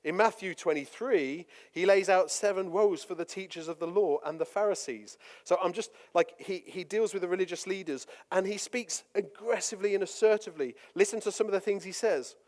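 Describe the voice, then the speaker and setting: A male preacher delivering a sermon, moving between forceful scripture reading and relaxed, chatty asides. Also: sits high, brisk, few pauses, in a large hall. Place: church hall.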